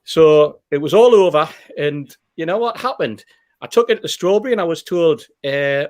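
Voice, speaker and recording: A man's voice: a little high, animated, moderate pace, a little mellow. A man, telling a rambling, anecdotal story in casual chat as a podcast host. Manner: rambling, anecdotal, with fillers and repeats.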